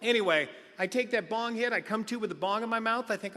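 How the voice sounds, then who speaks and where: At a recovery meeting, a middle-aged man gives a comic share, animatedly telling stories and acting out the quoted voices. His voice is high-pitched and fairly quick, and the recording has a reverberant hall sound.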